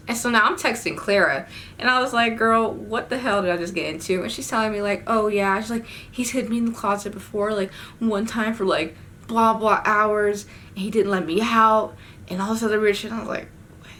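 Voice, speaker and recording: A young woman recounts a wild night in a casual storytime vlog, talking loose and slangy and breaking into sudden cursing outbursts. Her voice is bright and forward. A faint background hum sits under her. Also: medium pitch, normal speed. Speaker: vlogger.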